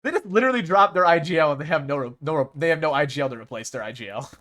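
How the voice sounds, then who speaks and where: A man's voice: on the high side, animated, racing, a bit bright. A young man streaming, chatting casually and rambling about esports rosters, restarting his sentences often.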